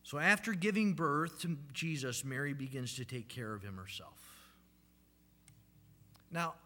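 A man's voice: a little high, lively intonation, a little slow, bright, forceful tone. A man in his thirties preaching a sermon as a pastor, telling stories in a conversational way with frequent "right?" tags and ums.

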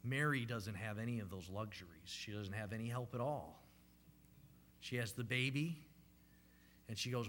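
A man's voice: lowish voice, normal speed, pauses often, a bit bright, slight background noise. A man in his thirties preaching a sermon as a pastor, telling stories in a conversational way with frequent "right?" tags and ums.

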